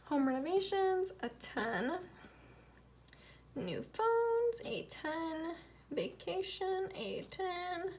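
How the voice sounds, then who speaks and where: High-voiced Southern woman counting cash. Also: slight background noise. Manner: counts cash aloud, drifting into soft murmured tallies. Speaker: budgeting vlogger. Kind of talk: casual budgeting vlog.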